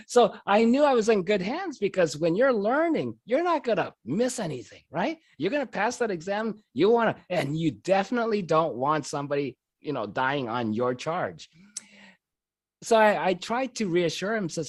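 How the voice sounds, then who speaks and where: A man telling a personal story in an animated way, often breaking into laughter. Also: sits high, a little slow, no room sound, studio quality. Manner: lively, animated delivery.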